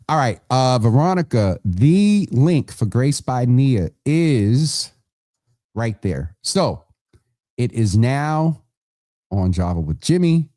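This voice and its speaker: Low, mellow-voiced man hosting a live stream. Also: no echo, clean studio sound. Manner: chatty and rambling, self-correcting, talks to viewers by name. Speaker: host of a live online show. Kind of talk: casual live-stream announcements.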